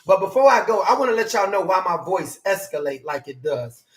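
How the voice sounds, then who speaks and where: A man preaching a motivational sermon, animated and hollering, his voice climbing higher as he makes his point. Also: fairly quick. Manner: voice climbs high when emphatic.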